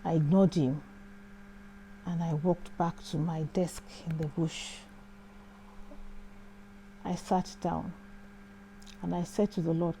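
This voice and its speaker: A woman's voice: lowish voice, little pitch movement, takes it slowly, long pauses, warm tone, a little hiss or hum, low-quality recording. A woman hosting a show, telling a personal faith testimony in a reflective way, often repeating phrases. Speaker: host.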